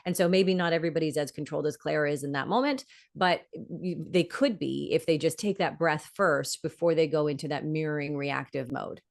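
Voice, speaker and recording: A woman's voice: sits low, fairly quick, vocal fry, few pauses. A middle-aged woman, a guest expert in an interview, explaining emphatically and acting out example questions. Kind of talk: conversational interview.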